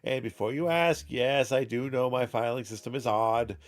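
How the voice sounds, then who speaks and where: A man's voice: medium pitch, fairly even intonation, normal speed, lightly acted. A man voicing a fussy, pompous old male scholar who lectures at length. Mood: lecturing.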